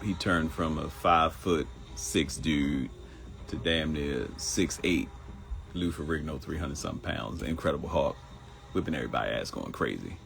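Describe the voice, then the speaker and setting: This middle-aged Baltimore man has a bass voice with vocal fry. He hosts a live talk show, chatty and full of stories, and addresses his listeners as y'all.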